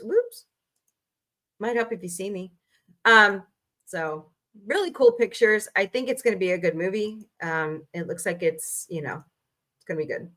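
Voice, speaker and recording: A woman hosting a casual livestream from home, chatty and animated, reacting with quick outbursts. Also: medium pitch. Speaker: livestream host.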